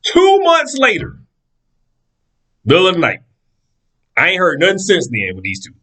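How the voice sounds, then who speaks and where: Sex: man. Role: storyteller. Style: casual storytelling monologue. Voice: fairly high and bright. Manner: animated, profane, acts out characters. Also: moderate pace, low-quality recording. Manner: animated, profane, acts out the people in his stories.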